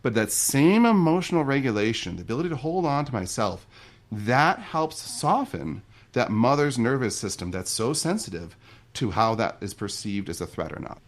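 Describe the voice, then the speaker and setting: A middle-aged man, a guest on a podcast, telling stories and explaining ideas in a relaxed, conversational way. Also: medium pitch. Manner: fast, animated storytelling. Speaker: podcast guest, marriage coach.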